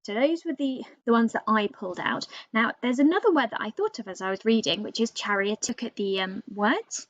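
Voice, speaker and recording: Give me a woman teacher explaining a lesson gently, with a slightly high voice and a dull, dry sound. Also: a little fast, few pauses, dry recording. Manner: gentle, explains step by step with fillers. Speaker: primary school teacher. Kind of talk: recorded online reading lesson.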